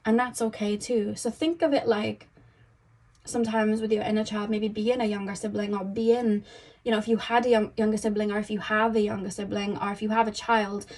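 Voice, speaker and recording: A woman's voice: mid-range voice, little pitch movement, brisk, a little mellow. A young woman giving a casual tarot reading, chatty and rambling, full of "you know" and "um". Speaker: tarot reader.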